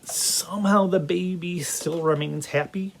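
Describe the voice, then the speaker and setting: Animated rambling man reviewing a game. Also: high voice, a little slow, gravelly, slight background noise. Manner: animated, rambling, many restarts. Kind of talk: casual video game review.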